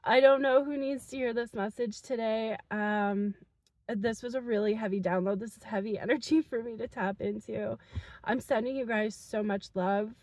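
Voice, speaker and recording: A woman's voice: fairly high pitch, steady tone, moderate pace, no room sound. Earnest woman reading a spirit message. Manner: soft, earnest, emotional, many fillers. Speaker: spiritual channel reader. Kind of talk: intuitive message reading to viewers.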